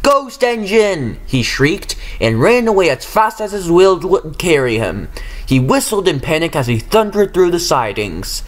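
A man narrating a storybook tale with an expressive, dramatic reading. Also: on the high side, normal speed.

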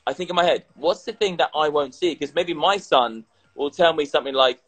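A man chatting casually on a livestream, tipsy and animated, swearing and repeating himself as he talks. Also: fairly high pitch, brisk, husky, faint music behind, poor audio. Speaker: crypto content creator.

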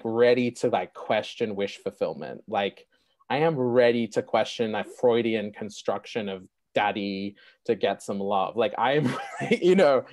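A young man telling his own faith story as an interview guest, animated and full of "like" fillers. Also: on the low side, dry recording. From Sydney, Australia. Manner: animated, many "like" fillers, laughs often. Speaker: guest, Christian apologist. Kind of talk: personal testimony storytelling.

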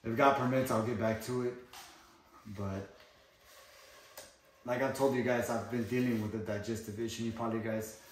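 A man in a casual personal vlog, talking in a downcast, halting way with lots of "you know" fillers. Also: medium pitch, fairly even intonation, slight background noise. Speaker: fitness vlogger. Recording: echoey room, mic far off.

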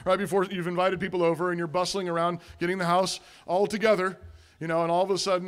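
A man with a fairly high voice preaches a sermon in a church. He talks to the congregation casually, playing out little household scenes. When he voices a confession, he goes soft and hushed. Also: level tone, fast talker. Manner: conversational preaching, acts out little family scenes. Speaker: pastor. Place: church sanctuary.

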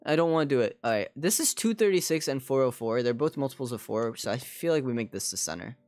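Here a fast-talking man with a medium-pitched, darkish voice and lively intonation is recorded with no room sound. He streams a game while rambling casually to chat, saying "like" constantly.

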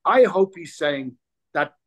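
A man in his sixties chatting as an interview guest. He tells stories in an animated way, often restarting his sentences as he goes. His voice sits a little higher than most men's. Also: slow pace, breathy edge. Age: 60s. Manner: animated storyteller, frequent restarts. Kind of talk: casual interview chat.

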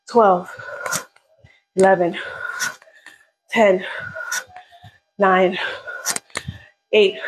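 Woman fitness instructor, winded, slow steady counting, faint background hiss. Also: medium pitch, low-quality recording. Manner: counts reps aloud, out of breath, encouraging. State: out of breath. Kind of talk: live workout instruction.

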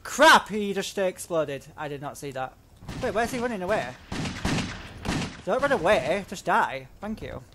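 A man hosting a let's play video, giving excitable commentary that swears often and talks to himself while he plays, wearing headphones at home. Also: high voice, normal speed, noisy background. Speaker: gaming channel host. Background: game music.

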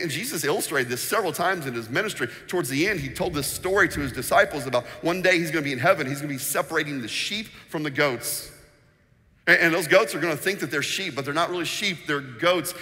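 A man preaching a sermon as pastor, telling stories with animated energy and acting out the voices in them. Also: on the high side. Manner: animated storytelling, acts out quotes; sings snippets of a children's song. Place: church sanctuary. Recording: long reverb in a church hall.

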